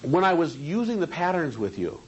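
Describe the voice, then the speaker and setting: A man's voice: fairly high pitch, sing-song, a little fast, dull audio, slight background noise. A man teaching a seminar on hypnosis in a training room, talking conversationally and asking the group questions.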